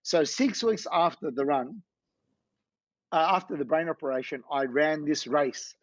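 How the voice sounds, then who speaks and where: A man, a business founder, telling a personal story in an interview with lively delivery and acted-out quotes. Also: on the high side, measured pace, no echo. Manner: animated, acts out quoted dialogue. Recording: dull lo-fi dry sound.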